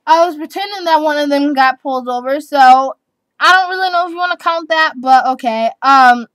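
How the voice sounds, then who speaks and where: Chatty eleven-year-old girl, high voice. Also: a little fast, a bit bright, dry recording. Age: child, eleven. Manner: chatty, giggly, rambling with restarts and repeats. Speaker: vlogger. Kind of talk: casual chat answering tag questions.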